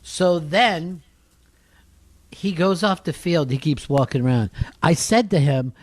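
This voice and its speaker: A man's voice: a little high, slow pace, dry recording. A man hosting a radio talk show, telling profane sports stories in casual banter and mocking the people he quotes. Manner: profane, animated storytelling with mocking quoted voices.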